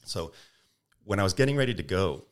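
Deep-voiced man telling stories. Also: brisk. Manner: animated storyteller, acts out tones and quotes. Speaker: podcast guest. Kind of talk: storytelling interview.

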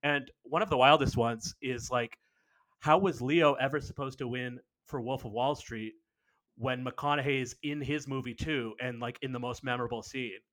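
A man's voice: medium pitch, normal speed, fairly bright tone. A man co-hosting a podcast, talking casually about films and building his point with example after example. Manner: conversational, builds arguments with examples. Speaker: podcast co-host. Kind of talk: casual film discussion.

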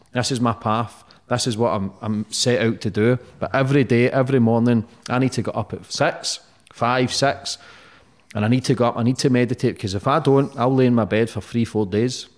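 A man hosting a podcast, talking bluntly and warmly, swearing freely as he praises his guest. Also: mid-range voice. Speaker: podcast host. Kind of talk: casual interview chat.

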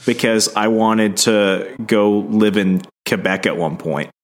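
A man's voice: on the low side, takes it slowly. A man co-hosting a podcast in casual chat, joking and often stumbling into restarts. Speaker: podcast co-host.

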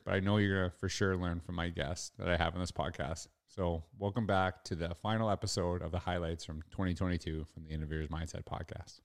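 A man's voice: deep voice, steady tone, brisk, vocal fry, dry recording, studio quality. A man hosting a podcast, talking in a casual reflective monologue that rambles with many fillers and restarts. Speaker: podcast host.

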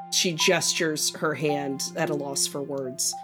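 Casting: woman game master, low-ish voice, playful narration, faint music underneath. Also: steady tone, takes it slowly, few pauses. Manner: playful, laughing with players.

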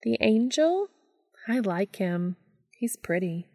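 A woman's voice: on the high side, very animated, slow, dark tone, no room sound, clean studio sound, in a large hall, voice pushed up, exaggerated voice. A woman voicing a curt, haughty female fairy who poses as a prickly old neighbor, in a storybook reading. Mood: taunting.

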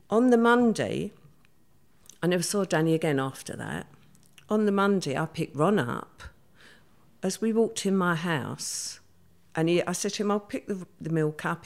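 An older woman, telling her story as an interview guest in a plain-spoken way and acting out what people said. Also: on the low side. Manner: plain-spoken, acts out quoted dialogue.

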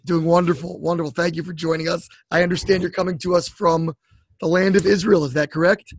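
High-voiced, husky interview host. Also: male voice, fairly even intonation, fairly quick, no echo. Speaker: podcast host. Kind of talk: interview podcast.

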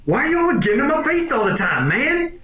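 A swaggering cyborg tough guy, brash and taunting, his voice pitched up high and bright, as a game master plays him. The sound carries an echoey room. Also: sing-song, quick pace, exaggerated voice. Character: cocky muscular male cyborg, swaggering.

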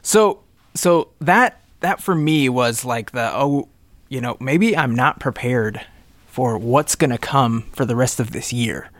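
A man's voice: mid-range voice, takes it slowly, no echo. Wry man co-hosting a podcast. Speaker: podcast co-host. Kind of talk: casual chat.

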